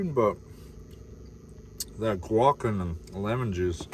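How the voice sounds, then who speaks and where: Deep-voiced Australian man, chatty vlogger. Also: measured pace, a little hiss or hum. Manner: chatty, rambling, many fillers, addresses viewers as guys. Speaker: van-life vlogger. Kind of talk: casual cooking vlog. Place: inside a camper van.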